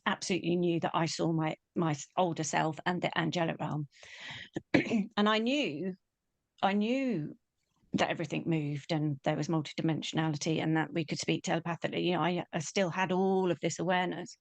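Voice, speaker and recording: A woman, telling a personal story in an animated way and acting out the quoted voices. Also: lowish voice, brisk, gravelly, no echo. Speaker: spiritual teacher.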